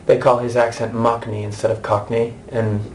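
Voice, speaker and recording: A man's voice: medium pitch, little pitch movement, moderate pace, a little hiss or hum. An American man in his thirties, an actor giving a candid, chatty interview with many restarts and asides. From United States.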